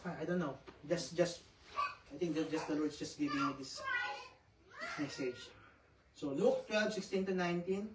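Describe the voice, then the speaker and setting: A woman with a Filipino accent leading a Bible study in an earnest, conversational way, reading scripture aloud with many asides. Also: low voice. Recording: echoey room, voice far from the mic, faint noise.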